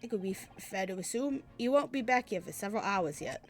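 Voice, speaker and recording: A woman's voice: mid-range voice, lively intonation, brisk, soft background music, lightly acted. A woman doing a polite British constable. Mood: formal. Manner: formal, deferential. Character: polite British male police constable, formal.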